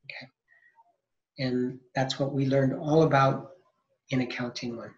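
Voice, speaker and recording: Speaking a little slowly in a medium pitch with fairly even intonation, a male accounting instructor walks through a recorded lesson step by step. He often restarts and answers his own questions, captured in dull, echoey lo-fi audio.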